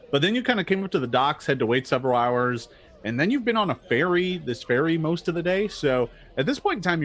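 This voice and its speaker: A man's voice: medium pitch, a bit bright. A man narrating a tabletop game as game master, describing scenes with frequent fillers and restarts. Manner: descriptive, halting with many fillers.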